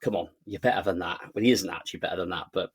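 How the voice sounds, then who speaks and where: Husky-voiced podcast co-host. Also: male voice, low voice, racing. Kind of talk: casual chat.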